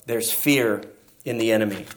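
A man's voice: fairly low pitch, normal speed. A man preaching a sermon as pastor, emphatic and asking his listeners rhetorical questions.

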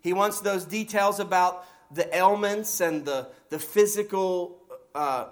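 A man's voice: sits high, a little slow. A man teaching a Bible study sermon, acting out quoted voices and asking his listeners rhetorical questions. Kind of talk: expository sermon.

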